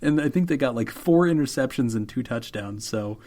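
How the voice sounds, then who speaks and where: Guy cohosting a chatty podcast, dry jokey delivery, laughs a bunch, mid pitch. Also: normal speed. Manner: joking, deadpan mock apologies; laughs often. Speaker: podcast co-host. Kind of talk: casual chat.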